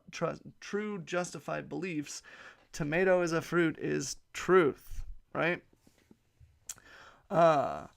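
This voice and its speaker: Slow-talking gravelly man giving a lecture. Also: fairly high pitch, fairly bright tone. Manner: joking, chatty, slips into mock French and German voices. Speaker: ethics teacher. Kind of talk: casual livestream lecture.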